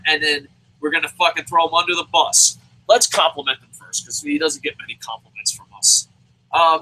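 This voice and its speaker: A man reviewing a wrestling show in a casual, profane, opinionated rant, mocking others with quick impressions. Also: fairly high pitch, sharp tone, breathy edge, low-quality recording.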